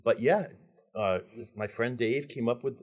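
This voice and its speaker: A middle-aged man telling stories as a podcast guest, animated and laughing, acting out quoted dialogue. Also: mid-range voice, measured pace. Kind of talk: casual storytelling.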